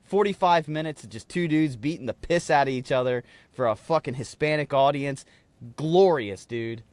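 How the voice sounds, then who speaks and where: Podcast co-host, male, fairly high voice, profane, animated storyteller, dry close mic. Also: moderate pace, no echo. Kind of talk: casual chat.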